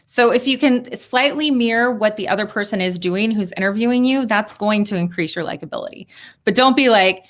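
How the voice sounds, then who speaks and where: A woman giving a lively workshop talk over a video call, coaching and laughing often. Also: mid-range voice, fairly quick. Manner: talks of thousands of hours on video calls. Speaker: speaker on persuasion.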